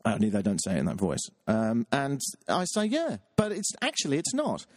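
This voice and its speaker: A British man hosting his own show, doing a self-mocking comic rant that keeps jumping up into a high squeaky voice. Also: huge pitch swings, moderate pace, dry recording, clean studio sound. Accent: British English. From Britain. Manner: exasperated, self-mocking, jumps into a high squeaky voice when riled. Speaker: show host. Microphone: webcam setup.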